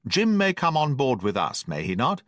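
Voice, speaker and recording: A man reading a calm, measured doctor. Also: mid-range voice, no echo, studio quality. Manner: measured, level-headed, probing.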